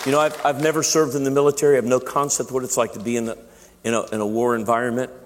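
A man's voice: mid-range voice, little pitch movement, very fast, crowd noise, noisy background. A man preaching a sermon as pastor, chatty and self-deprecating, often restarting his sentences. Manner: conversational, self-deprecating humor, frequent restarts. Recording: long echo of a large hall.

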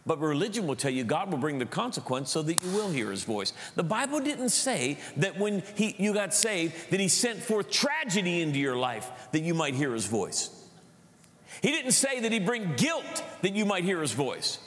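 A man's voice: high voice, sing-song, moderate pace, fairly bright tone. A middle-aged male pastor preaching a sermon, telling a family story with frequent repeated words and restarts. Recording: long hall reverb.

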